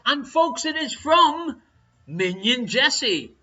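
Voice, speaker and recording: An Irish man runs a live-streamed quiz in a high, bright voice and ribs his viewers between answers. The stream audio is dull and lo-fi, with little clarity up top. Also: lively intonation, a little slow. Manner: jokey, teasing banter with viewers. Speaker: quiz show host.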